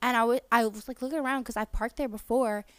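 A young woman telling a story on a podcast, acting out the people in it. Her voice is smooth and clear. She is close to the mic in a dry room. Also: a little high, fast, dry recording. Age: young adult. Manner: animated storytelling, acting out quotes. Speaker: podcast co-host. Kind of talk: casual chat.

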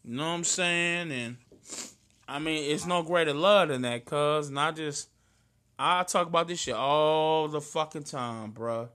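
A tearful man with a high, bright voice tells a story from the heart. His talk is slangy, casual and earnest. He sounds close to crying. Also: unhurried. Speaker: friend in conversation.

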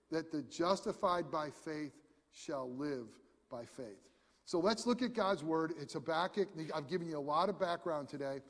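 A man preaching a sermon as pastor, animated, acting out voices in his storytelling. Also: sits high. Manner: animated, acts out prophet and God in voices. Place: church sanctuary. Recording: long reverb in a large room.

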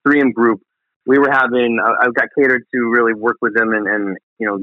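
A chef appears as a guest in a casual interview chat, rambling with many fillers and restarts. His medium-pitched voice is flat and brisk, and the recording sounds dry and tinny, like a phone, with no room sound.

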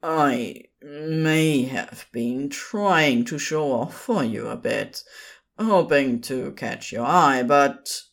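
A woman's voice: very deep voice, extremely slow, full character voice. A woman voicing a lanky, sullen young man who drawls slyly, in a storybook reading. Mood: sullen, drawling.

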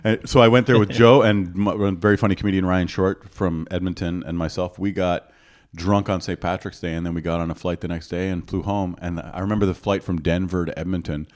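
A Canadian stand-up comedian with a Canadian accent, chatting on a podcast as an animated storyteller who often restarts his sentences. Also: low voice, fairly quick. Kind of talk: casual podcast chat.

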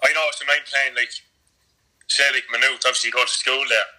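A man's voice: mid-range voice, flat delivery, fast, pushed and bright, rough recording. A young man with a strong rural Irish accent chatting casually, laughing often and teasing his friend. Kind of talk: casual chat.

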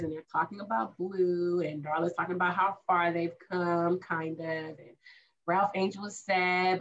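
Low-voiced woman co-host, distant lo-fi. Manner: animated retelling, drawn-out asides. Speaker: podcast co-host. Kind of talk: casual chat recapping a TV episode. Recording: distant, dull lo-fi sound.

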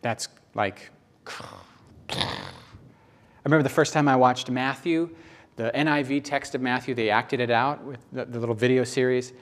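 A man's voice: fairly even intonation, moderate pace, pauses often. A middle-aged man preaching a sermon in a conversational, emotional storytelling manner. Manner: conversational, emotional storytelling with sudden rises in pitch.

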